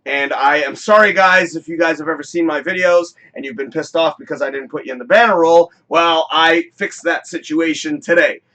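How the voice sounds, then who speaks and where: A man hosting a casual live-streamed talk show, rambling, excitable and swearing freely in a home studio. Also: fairly high pitch, normal speed, hardly any pauses.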